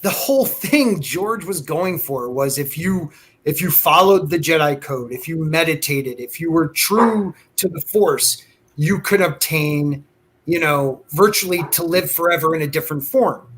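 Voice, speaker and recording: A man's voice: on the high side, measured pace, fairly bright tone, slightly rough. A man speaking emphatically as a podcast co-host, ranting in casual chat.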